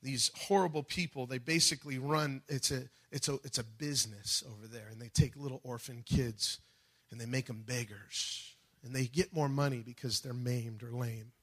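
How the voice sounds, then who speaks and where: Bright-voiced, impassioned male preacher. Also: mid-range voice, steady tone, moderate pace, breathy edge. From United States. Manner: impassioned preaching with sudden loud peaks and soft drops; acts out quoted voices. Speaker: pastor. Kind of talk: sermon.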